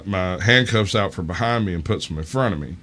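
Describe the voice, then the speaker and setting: A man's voice: sits low, quick pace, a bit bright, slight background noise. A man telling a long, profane story in a casual chat, often breaking into laughter. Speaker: podcast co-host.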